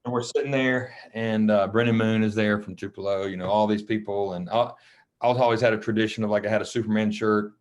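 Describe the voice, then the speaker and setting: Brief: man, a coach and podcast guest, fairly low voice, casual, emotional storyteller who acts out other people's lines. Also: fairly even intonation, fast talker, dull audio. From Mississippi.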